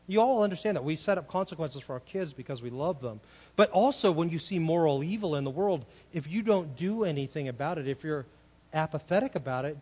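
In a large hall with long reverb, this man delivers an earnest sermon, often posing rhetorical questions to the congregation. His pitch is fairly high, though his tone leans darkish.

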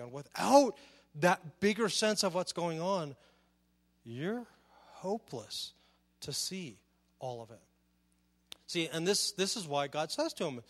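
A man delivering a sermon in a fairly high voice, animated and full of rhetorical questions. He often repeats a word while searching for the next one. His voice carries a long reverb from a large hall. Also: takes it slowly, pauses often. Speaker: pastor.

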